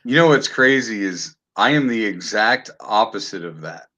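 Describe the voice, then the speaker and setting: A man's voice: on the low side, animated, moderate pace, bright, forceful tone, muffled recording. A man hosting a podcast, chatting casually and animatedly, swearing freely and often restarting his sentences. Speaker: podcast host. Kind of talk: casual chat.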